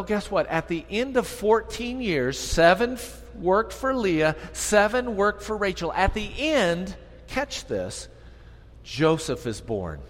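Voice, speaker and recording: High-voiced pastor preaching, lively storyteller, big hall echo. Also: male voice. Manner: animated, conversational storytelling with quoted voices. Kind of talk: sermon storytelling. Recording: long reverb hall.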